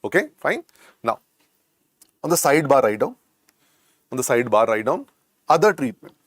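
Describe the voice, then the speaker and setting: A man's voice: mid-range voice, sing-song, moderate pace, a bit bright, no room sound, clean studio sound. A man with an Indian English accent giving a medical coaching lecture, repeating key points and switching between Hindi and English.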